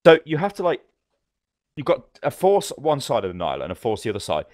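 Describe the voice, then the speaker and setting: Man, podcast co-host, rapid talk, dry close sound, animated and sweary. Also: mid-range voice, dry recording. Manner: fast, animated storytelling, swears freely. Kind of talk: casual gaming chat.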